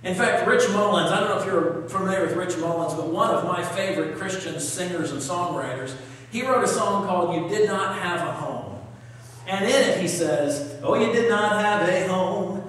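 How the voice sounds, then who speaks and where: Guy preaching a sermon, kinda high voice, sounds far off in a big echoey church. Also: moderate pace, fairly bright tone, a little hiss or hum. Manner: storytelling preacher, reads scripture aloud, asks the congregation questions. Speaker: pastor.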